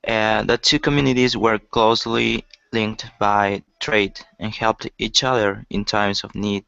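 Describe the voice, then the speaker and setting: A man reading aloud haltingly as a student in an online class, over a video call. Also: fairly low pitch, little pitch movement, creaky, fairly bright tone, no echo. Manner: halting, stumbles over words. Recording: dry muffled call audio.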